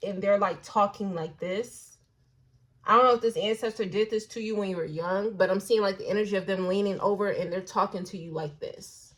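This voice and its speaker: A woman talking through a tarot reading in a loose, conversational way. She is slangy and blunt, swears now and then, and muses aloud. Her voice sits at an ordinary middle pitch and dips into quiet hushed asides. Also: low-quality recording. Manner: musing, drifts into soft hushed asides. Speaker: tarot reader. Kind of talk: casual intuitive tarot reading.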